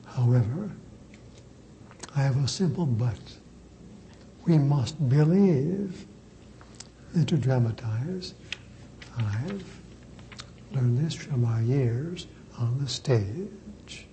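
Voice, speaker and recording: A priest delivers a sermon in a deliberate, emphatic way, repeating words to drive them home. His voice is very dark and mellow, and he speaks very slowly. A faint hiss sits under the recording. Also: mid-range voice, lively intonation, low-quality recording. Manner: slow, emphatic preaching with deliberate repetition.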